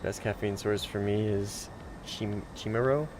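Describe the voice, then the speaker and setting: A man's voice: lowish voice, normal speed, darkish tone, slight background noise. A tired man chatting casually with friends while gaming late at night, laid-back and joking, swearing freely. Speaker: gamer playing with friends on voice chat. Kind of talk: casual gameplay chat.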